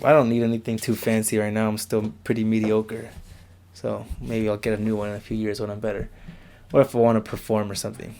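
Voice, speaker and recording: A man's voice: medium pitch, a little mellow. Rambling young man giving a room tour. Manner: rambling, loose and self-mocking. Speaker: vlogger. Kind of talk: casual room-tour vlog. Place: bedroom at home.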